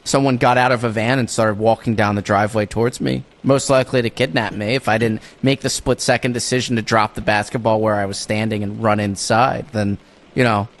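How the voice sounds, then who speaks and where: A man's voice: on the low side, fairly even intonation, fairly quick. A young man co-hosting a podcast, telling rambling stories in casual chat, often repeating his words. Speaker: podcast co-host.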